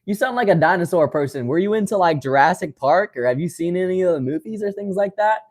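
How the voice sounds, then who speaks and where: A man in his twenties from West Virginia, casually reading and answering viewer comments on his livestream, friendly and quick to laugh. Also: sits high, lively intonation, darkish tone. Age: 20s. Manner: friendly, calls viewers brother, laughs often. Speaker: livestream host.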